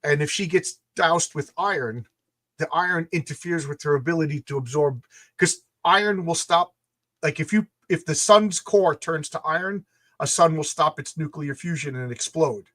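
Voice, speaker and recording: Casting: man, podcast host, tense bright tone, a touch high, rambling with restarts. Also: normal speed, dry recording. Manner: rambling, enthusiastic, many restarts. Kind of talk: casual conversation.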